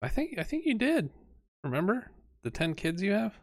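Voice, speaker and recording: A man's voice: sits high, big pitch swings, moderate pace, no room sound, studio quality. A man co-hosting a gaming podcast, joking and teasing in casual chat, often trailing off into laughter. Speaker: podcast co-host.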